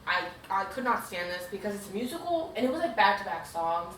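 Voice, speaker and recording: A woman's voice: mid-range voice, big pitch swings, brisk, a bit bright, reverberant, distant mic, a little hiss or hum, poor audio. A woman co-hosting a casual podcast recap, blunt and opinionated. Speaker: podcast co-host.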